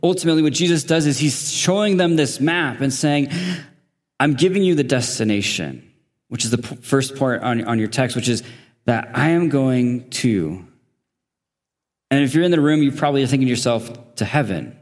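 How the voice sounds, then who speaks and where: A man's voice: medium pitch, normal speed, in a large hall. A man preaching as a guest at a church service, conversational, with laughing asides and questions to the congregation. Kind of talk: sermon. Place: church sanctuary.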